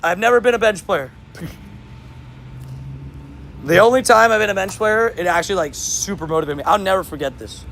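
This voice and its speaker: A young man streaming, telling sports stories in a casual, animated way, laughing and repeating himself. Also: high voice, a little fast, gravelly, pauses often, a little hiss or hum. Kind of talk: casual livestream storytelling.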